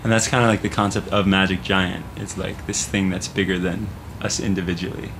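Low-voiced, hesitant male singer. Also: flat delivery, a little fast, a bit bright, a little hiss or hum. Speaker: band singer, guest. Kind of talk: casual interview chat.

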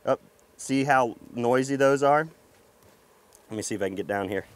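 A man vlogging outdoors as he works a beehive, talking to the camera in an excited, folksy way. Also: mid-range voice, normal speed, smooth. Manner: excited, folksy, talks to camera while handling hives. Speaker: beekeeper vlogger. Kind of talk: casual outdoor narration while working. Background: buzzing bees.

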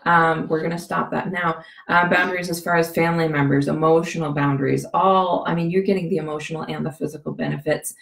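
A woman with a scratchy, gravelly voice, giving a chatty how-to demonstration, rambling with many fillers and restarts. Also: deep voice, level tone, fast talker, echoey room. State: scratchy voice from a cough. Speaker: essential oil demonstrator.

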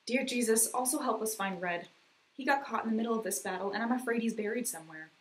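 A woman's voice: fairly high pitch, quick pace, roomy sound, natural voice. A woman voicing an earnest young boy who prays aloud in a children's story, pleading and sincere. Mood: worried.

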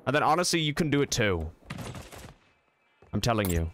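A goofy young man streaming a game, talking to chat in a lively, swooping voice. He jokes around, swears and repeats himself for laughs. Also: mid-range voice, moderate pace, a little hiss or hum. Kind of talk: casual gaming stream chat.

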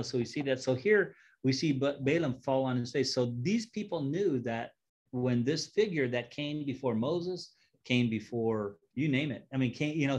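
A man's voice: medium pitch, a little mellow, highs cut off. A man teaching a Bible study, reading scripture aloud and stopping to joke and explain it in a casual way.

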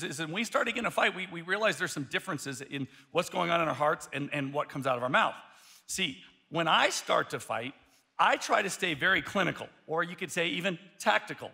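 A male pastor preaching a sermon, telling a story in an animated way, often restarting his sentences. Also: fairly high pitch, gravelly.

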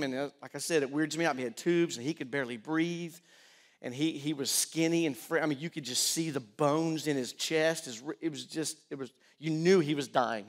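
Middle-aged male preacher with a raised pitch, dynamic sermon delivery that goes from loud to soft. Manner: animated preaching, swings from loud pleading to quiet storytelling. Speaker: pastor.

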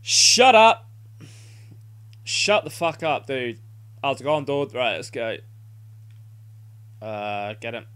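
A man's voice: mid-range voice, takes it slowly, pauses often, a bit bright, clear, resonant tone. A young man playing a football video game live, urging his team on and swearing in frustration. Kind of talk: live gameplay commentary.

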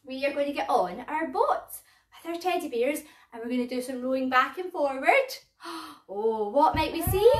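A woman leading a live baby music session, playful and animated, gasping and singing nursery rhymes to the little ones. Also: sits high, recorded from a distance. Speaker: children's music session leader. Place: community centre room. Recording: roomy echo, voice off-mic, backing music.

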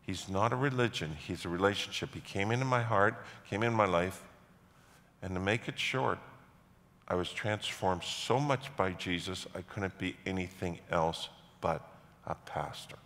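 A middle-aged man preaching a sermon as pastor, telling a story with animated, self-mocking humor. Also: low-pitched, normal speed. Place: large church hall. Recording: church hall reverb.

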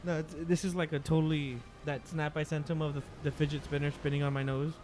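A young man co-hosting a let's-play, chatty and excitable, swearing now and then. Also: on the high side, fast, a little hiss or hum. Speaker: co-host. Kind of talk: casual let's-play chat.

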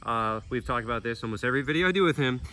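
Man, sanctuary vlog host, relaxed outdoor chat, lots of "uh" and "you know.". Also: mid-range voice, very fast, a little hiss or hum. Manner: loose, filler-heavy explaining.

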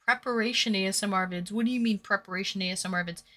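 A woman's voice: mid-range voice, quick pace, pushed and bright. A woman hosting a live stream in casual chat, reading viewers' messages aloud and answering them.

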